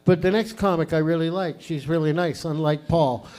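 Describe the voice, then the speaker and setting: A man hosting a live stand-up show on stage, loud and profane, rambling between jokes. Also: on the high side, steady tone, moderate pace. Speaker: comedy show host. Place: live comedy venue stage.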